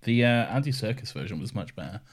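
A man's voice: on the low side, animated, fast talker, a crowd in the background. A man co-hosting a casual podcast chat who rambles playfully and often loses his train of thought. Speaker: podcast co-host.

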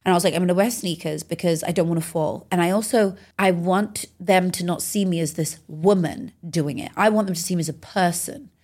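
Woman, 30s, from the UK; energetic motivational speaker giving a podcast interview, emphatic delivery. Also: fairly low pitch, fairly quick, few pauses. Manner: energetic, emphatic, swears freely.

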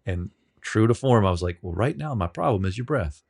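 A man being interviewed on a podcast, telling rambling, self-deprecating stories with many halting restarts. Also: on the low side, expressive, gravelly, darkish tone, breathy edge. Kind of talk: casual storytelling.

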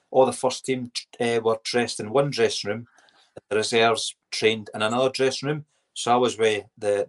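Giggly Scottish man telling stories. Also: mid-range voice. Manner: giggly, animated anecdotes with put-on voices. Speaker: podcast guest, former footballer. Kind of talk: casual storytelling interview.

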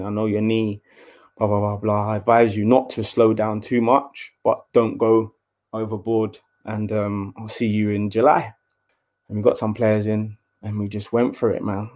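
A young man tells a story in a casual interview. His talk is chatty, and he acts out what others said in a raised, animated voice. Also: lowish voice, gravelly. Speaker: former footballer, guest.

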